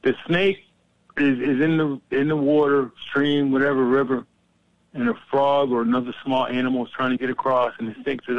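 A man hosting a heated political talk, animated and profane, telling stories to make his point. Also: mid-range voice, moderate pace, dry recording, phone-quality sound. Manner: profane, animated, fired-up storyteller.

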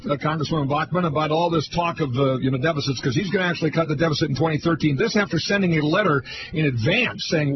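A man's voice: a little high, fast talker. A man interviewing a guest on the radio, asking loose, rambling questions full of fillers. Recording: muffled radio broadcast with hiss.

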